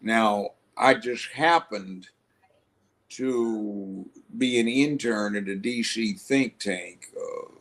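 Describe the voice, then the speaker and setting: Older man, gravelly, lively raconteur doing voices in his anecdotes. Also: fairly low pitch, slow. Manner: animated storyteller who acts out voices. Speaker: guest. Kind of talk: storytelling interview.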